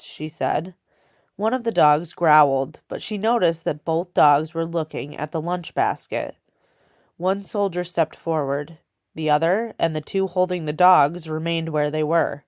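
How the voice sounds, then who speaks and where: A woman reading a children's novel aloud in a steady storytelling way. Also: low-pitched, a little slow, no room sound, clean studio sound. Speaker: audiobook reader.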